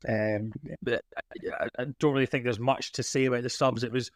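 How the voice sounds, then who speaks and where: An excitable man chatting on a fan podcast, gushing and tripping over his words as he rushes on. His voice sits at an ordinary middle pitch. The sound is dry and close to the mic. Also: dry recording. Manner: excitable, gushing, rambling with restarts. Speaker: podcast host. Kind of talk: casual fan podcast chat.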